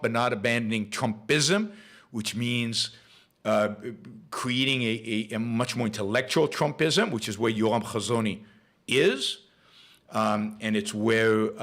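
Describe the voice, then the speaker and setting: A man's voice: medium pitch, fairly bright tone. A man hosting his own show, delivering an opinionated solo commentary monologue and repeating phrases for emphasis. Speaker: show host.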